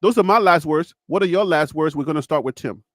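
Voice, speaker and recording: High-voiced teasing man hosting. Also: fast talker, no echo. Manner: laughs often, teasing and loud. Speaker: podcast host. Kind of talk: casual sports chat. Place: home studio.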